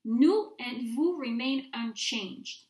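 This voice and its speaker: A woman giving a recorded grammar lesson with a slightly high voice. She speaks clearly and patiently, sounding words out slowly for learners to repeat. The room adds a noticeable echo. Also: animated, a little mellow. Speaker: French teacher. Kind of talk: recorded grammar mini-lecture. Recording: roomy echo.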